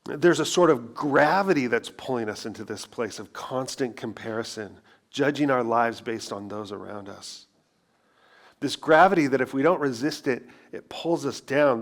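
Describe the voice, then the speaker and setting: A middle-aged pastor with a medium-pitched voice delivers a sermon conversationally, packing it with rhetorical questions and self-deprecating asides.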